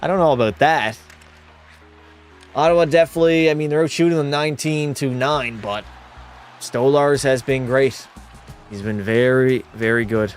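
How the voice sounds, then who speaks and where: A man's voice: mid-range voice, moderate pace, long pauses, soft background music. A young man hosting a live hockey watch party, calling plays and bantering bluntly with his chat. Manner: blunt, chatty, reacts to chat with jokey banter. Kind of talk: casual live-stream chat and play-by-play.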